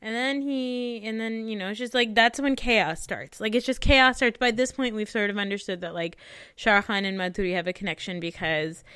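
A woman chatting casually as a co-host, retelling a film with giggles and animated acted-out quotes. Her voice is smooth and clear, recorded close and dry with no room sound. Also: mid-range voice, fairly quick, dry recording. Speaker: podcast co-host. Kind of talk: casual chat recapping a film.

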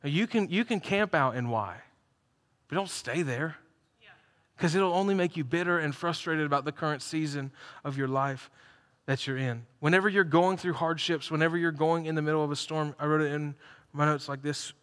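A man preaching a sermon to a live congregation, telling stories with energy and building to loud, emphatic peaks. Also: a little high, normal speed. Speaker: pastor. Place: church hall, live congregation. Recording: reverberant church hall.

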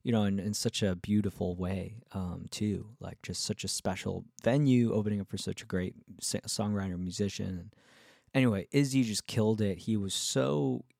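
A male musician vlogger telling a casual story in a rambling, excitable way, full of fillers and restarts. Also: on the low side, normal speed, creaky, no room sound, studio quality.

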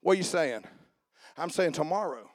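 A male pastor delivering an emphatic sermon, his voice sitting high for a man. He shouts key lines with fervor and then drops into quiet, conversational asides. The sound is dry and close on the mic, with little room. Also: expressive, normal speed, no echo. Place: church sanctuary.

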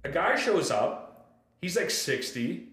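A man's voice: fairly high pitch, slow pace, roomy sound. A man hosting a podcast, ranting in casual chat with lots of swearing. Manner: animated, profane ranting. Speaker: podcast host.

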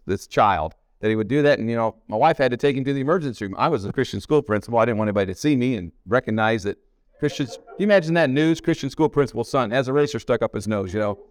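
Folksy family stories fill this sermon from a middle-aged pastor at a camp meeting hall, and he repeats lines to drive them home. He speaks at a medium pitch, captured in a dry, clean studio-quality recording.

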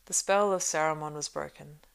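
A woman reading a fantasy audiobook, narrating in a steady, unhurried way. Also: deep voice, creaky, clean tone. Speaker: audiobook reader.

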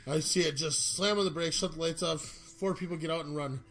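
A man with a fairly high voice tells a rowdy story on a laid-back podcast. He swears freely and acts out the other people's lines. He grew up in North Dakota. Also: fairly even intonation, brisk, a bit bright, soft background music. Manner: profane storyteller, acts out quotes. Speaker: podcast co-host. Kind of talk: casual chat.

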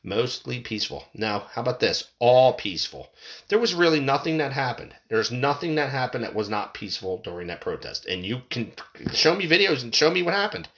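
A man's voice: medium pitch, big pitch swings, brisk, fairly bright tone, highs cut off. Angry, profane man ranting. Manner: angry, profane, repeats himself when worked up. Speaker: podcast host. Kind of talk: reading and ranting about news articles.

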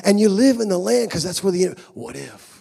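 A middle-aged male pastor preaching a sermon in a church, moving from quiet, intimate passages to loud, fervent shouting. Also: sits high, sing-song, normal speed, vocal fry, husky. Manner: swings from hushed to shouting with rising fervor. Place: church sanctuary.

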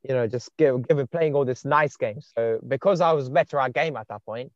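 Young male podcast host, relaxed rambling delivery, dull lo-fi mic. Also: mid-range voice, fairly quick, no echo. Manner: laid-back storytelling with many fillers. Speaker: podcast host and dating coach. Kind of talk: casual podcast chat. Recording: dull muffled podcast sound.

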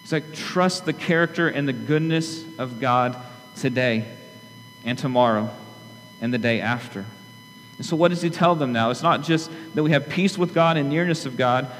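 A pastor preaching a sermon to his church in an earnest, conversational way, often turning to the congregation with quick asides. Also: medium pitch, fairly bright tone, soft background music. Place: church sanctuary. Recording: long hall reverb with faint hum.

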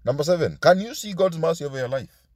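A man's voice: on the high side, expressive, quick pace, darkish tone, no echo. A man preaching a sermon as pastor, asking his listeners question after question and dropping into Swahili asides.

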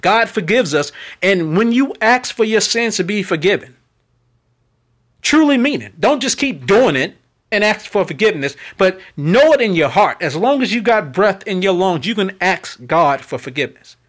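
Man, high voice, podcast host, unfiltered monologue, preachy, repetitive, pleading. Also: very animated, moderate pace, fairly bright tone. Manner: pleading for support.

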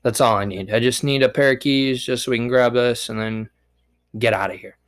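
A man's voice: mid-range voice, a little fast. A young man telling a story in a casual, profane, irritated rant as a podcast host. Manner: profane, irritated, animated retelling.

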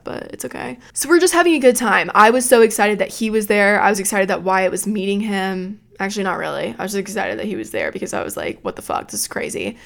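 A woman's voice: medium pitch, creaky. A young adult woman hosting a podcast, telling a story in a rambling, profane, self-mocking way from a room at home. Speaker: podcast host. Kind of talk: casual storytelling.

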